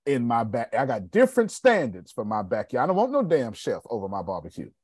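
A man's voice: mid-range voice, brisk, slightly rough, no room sound. A man, giving a casual, joking sales seminar and checking in with his audience. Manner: animated, joking, asks the room for agreement. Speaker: sales coach. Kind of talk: casual seminar talk to a group.

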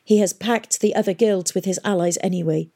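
A woman voicing a calm, scholarly historian in a storybook reading, matter-of-fact. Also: medium pitch, brisk, natural voice.

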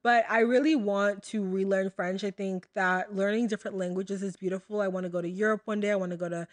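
A woman's voice: medium pitch, fairly even intonation, a little fast. A young American woman hosting her own podcast, talking casually and chattily to her listeners with lots of fillers and asides. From United States. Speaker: podcast host. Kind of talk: casual solo podcast talk.

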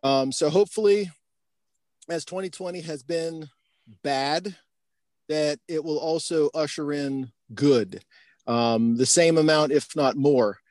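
A man's voice: on the high side, takes it slowly, darkish tone, no room sound. A man co-hosting a podcast, talking casually and reflectively with many fillers. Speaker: podcast co-host. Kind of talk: casual chat.

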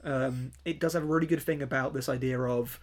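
A man's voice: medium pitch, steady tone, a little fast. A man co-hosting a film podcast, chatting casually in a rambling, playful way and feeling lethargic from covid. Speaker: podcast co-host.

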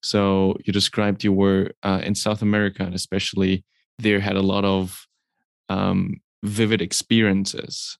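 A man hosting an interview, asking a long question slowly and hesitantly. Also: low voice, completely flat delivery, creaky, no room sound, studio quality. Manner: slow, hesitant phrasing with fillers. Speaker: podcast host.

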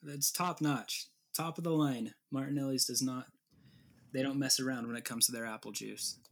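A man's voice: medium pitch, steady tone, normal speed. A young man co-hosting a podcast, leading the topics with dry wisecracks in casual chat. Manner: dry, wisecracking, leads the segments. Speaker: podcast co-host.

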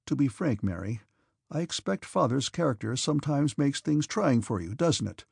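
A man's voice: medium pitch, very animated, moderate pace, vocal fry, darkish tone, slightly rough, dry recording, studio quality, exaggerated voice. A man voicing a wry, bantering young prince in an audiobook, light and teasing. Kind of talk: audiobook character reading.

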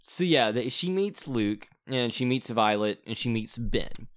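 A man's voice: medium pitch, animated, a little slow. A man co-hosting a podcast, casually recapping a movie plot with some swearing. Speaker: podcast co-host.

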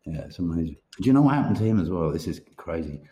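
A man's voice: deep voice, big pitch swings, very fast, warm tone, roomy sound, highs cut off. A man who is an author talking casually on a podcast, rambling, swearing and laughing often. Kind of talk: casual chat.

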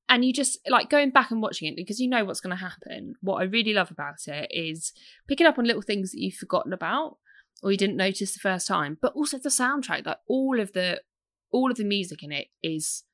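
Woman, bright forceful voice, chatty and enthusiastic, dry close sound. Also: medium pitch, no room sound. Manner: chatty, enthusiastic, laughs often. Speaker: podcast co-host. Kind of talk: casual chat.

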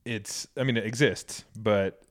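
A man's voice: on the low side, measured pace. A man chatting candidly on a podcast, earnest and swearing freely as he tells a personal story. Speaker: podcast co-host. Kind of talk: casual podcast chat. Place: Boise, Idaho.

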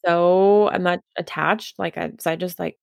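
A woman's voice: on the low side, steady tone, a little slow, vocal fry, no room sound, clean studio sound. A woman podcast host reflecting hesitantly in casual conversation. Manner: hesitant, questioning.

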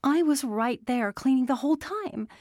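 A woman narrator voicing an anxious young house cleaner who talks high and breathlessly. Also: lively intonation, quick pace, dark tone, no echo, clean studio sound. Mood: alarmed.

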